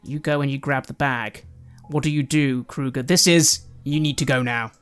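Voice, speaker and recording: A game master narrating a tabletop roleplaying game and giving the players direction briskly. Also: female voice, a bass voice, steady tone, clean tone, soft background music.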